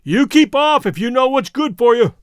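A man voicing a big, menacing male poacher who shouts threatening warnings across the water. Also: very high-pitched, expressive, normal speed, smooth, dry recording, studio quality, pitched above the performer's own voice.

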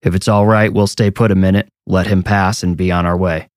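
A man voicing a gruff, seasoned older police officer who gives low, clipped orders. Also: flat delivery, fairly quick, no echo, clean studio sound, lightly acted. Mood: calm command.

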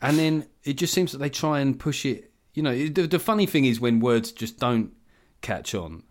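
A man in his forties chatting on a podcast as a comedian guest, wry and ranting. His voice sits at an ordinary middle pitch. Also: lively intonation, normal speed. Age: 40s. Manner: wry, ranting, mimics others in quoted voices. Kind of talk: casual podcast chat.

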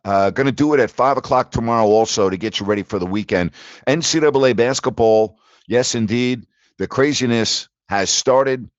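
A man's voice: medium pitch, normal speed, no echo, lo-fi sound. A man hosting a sports talk show, ranting in disbelief about the latest league news. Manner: animated, incredulous ranting. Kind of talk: sports talk radio monologue.

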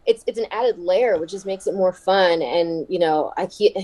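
A woman guest in a casual interview, chatty and quick to laugh, with many fillers. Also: on the low side, a little mellow, low-quality recording. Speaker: wrestler and podcast guest.

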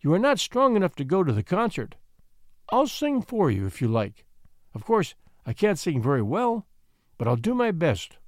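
A man voicing a shy, plain orphan girl who speaks softly and timidly. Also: high-pitched, wildly swooping pitch, normal speed, no echo, studio quality. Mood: gentle. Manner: soft and timid.

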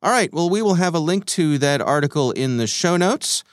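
A man's voice: fairly high pitch, animated, normal speed, no room sound, studio quality. A man co-hosting a podcast in casual chat, mostly giving brief, affirming replies. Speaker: podcast co-host.

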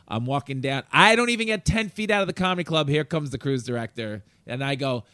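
A man hosting a podcast, a comedian telling stories in a lively, acted-out way. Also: on the high side, fast, hardly any pauses, no echo. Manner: animated, acts out quotes. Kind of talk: casual storytelling chat.

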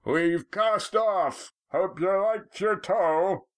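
A man voicing sailors calling out across a ship, his voice raised well above his own and slow, drawn-out. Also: high voice, pitched above the performer's own voice. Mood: hearty. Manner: raised, shouted dialogue. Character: shouting sailors and ship's crew, men.

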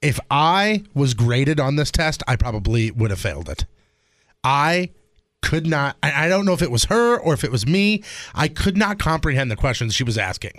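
A man's voice: fairly high pitch, moderate pace. A man talking casually with co-hosts, acting out what was said. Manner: expressive, acts out quotes. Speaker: co-host. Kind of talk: casual chat.

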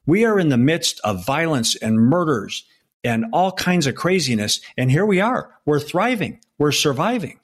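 A man in his sixties, a former undercover federal agent, telling a personal story in an interview in an earnest, emotional way with halting restarts. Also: on the high side, very animated, breathy edge.

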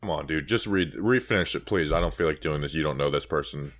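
Male podcast host, low voice, dry close sound, chatty and excitable fan talk. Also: quick pace, no room sound. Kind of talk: casual sports podcast chat.

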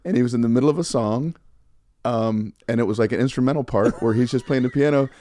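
A man's voice: mid-range voice, fast talker, dark tone. An older man, a comedian guest, telling easygoing anecdotes in a casual chat.

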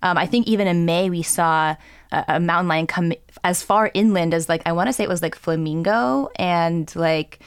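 Smooth-voiced explaining woman co-host. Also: fairly low pitch, dry recording, clean studio sound. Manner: explanatory, measured, informative. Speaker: podcast co-host. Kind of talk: casual chat.

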